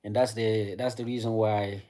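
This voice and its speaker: A man's voice: on the low side, little pitch movement, moderate pace, dark tone. A man whose first language is French, chatting casually with his live-stream audience, often repeating words and restarting sentences. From French-speaking African country. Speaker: streamer answering chat.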